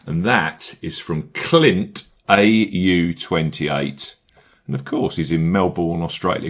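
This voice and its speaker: A man with a very low, deep voice hosts a golf betting podcast. He runs through the sponsor and promo lines briskly and upbeat, then eases into relaxed banter with his co-hosts. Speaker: podcast host.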